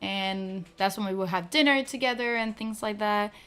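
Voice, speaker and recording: Fast-talking woman streamer, bright voice. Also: medium pitch, clear, resonant tone. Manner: fast-talking, full of "like" fillers. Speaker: streamer debuting a virtual avatar. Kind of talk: casual chat.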